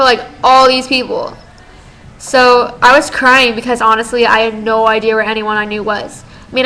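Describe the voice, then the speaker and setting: A fifteen-year-old girl telling a story in a casual vlog, chatty and animated, full of "like". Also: fairly high pitch, poor audio. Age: teens. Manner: chatty, lots of "like", animated retelling. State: tired. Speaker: vlogger.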